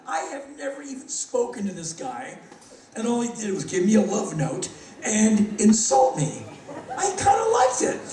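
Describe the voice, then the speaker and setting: A middle-aged man telling rapid, animated anecdotes on stage in front of a live audience, acting out other people's lines. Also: high-pitched, a little hiss or hum. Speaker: spoken-word performer. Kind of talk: live spoken-word storytelling. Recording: echoey hall, mic from a distance.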